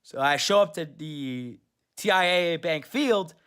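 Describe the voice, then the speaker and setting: A man's voice: a little high, expressive, a little slow, a bit bright, smooth. A superfan man recapping his trip in a casual, rambling story. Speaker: superfan vlogger.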